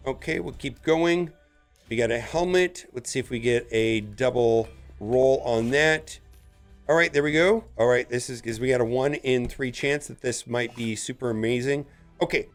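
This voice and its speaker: A man talks through his gameplay in a loose, casual commentary voice at a middle pitch. He chats along steadily and breaks into loud, excited whoops when something good turns up. Faint background music plays under him. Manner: chatty, gets loudly excited over good rolls. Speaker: gaming channel host.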